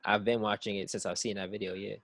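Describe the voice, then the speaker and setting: A man's voice: fairly low pitch, level tone, fast talker, a bit bright, no echo. A man co-hosting a casual podcast who rambles and circles back to "it's like", often repeating words as he thinks through his point. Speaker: podcast co-host.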